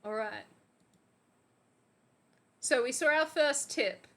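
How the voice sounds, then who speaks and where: Giggly woman playing a mock teacher; high, bright voice, unhurried pace. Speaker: guest teaching Australian slang. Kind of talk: casual stream chat.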